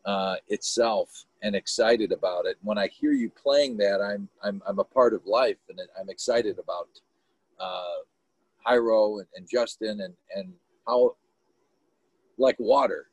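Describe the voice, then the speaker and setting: Husky, rambling man. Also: on the low side, measured pace, a little mellow, no echo, low-quality recording. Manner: earnest, rambling, searching for words. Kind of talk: casual video chat.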